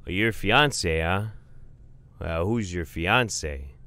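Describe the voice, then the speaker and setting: Guy doing a giant jolly uncle, thick upper midwest accent, loud n friendly, low smooth voice, lots of "eh". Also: animated, dry recording, exaggerated voice. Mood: curious. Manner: loud, jovial, drawn-out "eh". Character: huge booming Finnish-American uncle from a tiny northern town.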